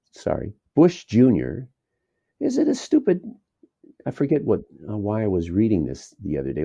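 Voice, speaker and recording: Low gravelly guy rambling on in an interview, swoopy voice, dull lo-fi sound. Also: dark tone, dry recording. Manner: rambling, digressive, chuckles while talking. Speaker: documentary filmmaker, guest. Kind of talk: casual interview talk.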